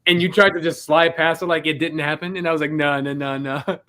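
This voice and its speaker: A man's voice: fairly high pitch, fast. Teasing young man with a Detroit accent. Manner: lively, teasing, laughs often. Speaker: podcast co-host. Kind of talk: casual chat.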